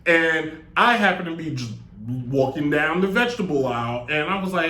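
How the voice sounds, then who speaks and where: Hosting a live sports talk show, a man rambles, jokes, and digresses often into a desk mic on a stand in an echoey room. His voice is fairly high, expressive, pushed, and bright, delivered at normal speed.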